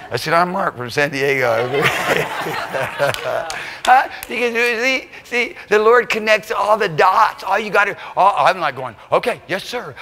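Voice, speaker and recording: A man preaching a church sermon, telling a story and building to shouted climaxes. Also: a little high, lively intonation, measured pace. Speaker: pastor. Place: church sanctuary. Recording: church hall reverb.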